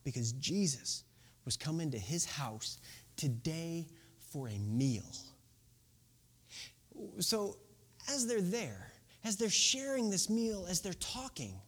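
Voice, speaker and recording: A man's voice: fairly high pitch, very animated, slow, pauses often. A man preaching a casual, conversational sermon, retelling a Bible story and checking in with "right?". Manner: sings a children's song.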